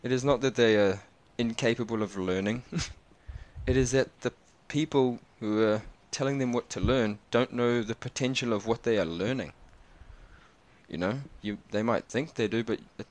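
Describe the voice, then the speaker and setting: Kiwi guy in his 20s, slangy rambly chat, normal mid voice, gets animated telling stories. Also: medium pitch, moderate pace. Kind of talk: casual monologue.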